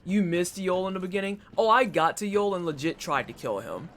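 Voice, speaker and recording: A man's voice: high voice, lively intonation, a little fast, a bit bright. A man streaming a game, chatting casually with his chat and reacting aloud as he plays. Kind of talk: casual gameplay commentary. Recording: clear background noise.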